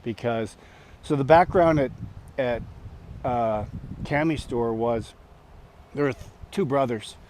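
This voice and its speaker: A man's voice: mid-range voice, slow, pauses often, a little mellow, slight background noise. A man in his sixties telling a story from his past in a casual, rambling way, chuckling, with many fillers and restarts.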